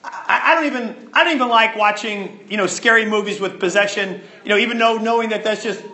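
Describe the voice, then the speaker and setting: A man preaching a sermon as pastor, emphatic and animated, repeating words to stress a point. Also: high voice, fairly quick, reverberant.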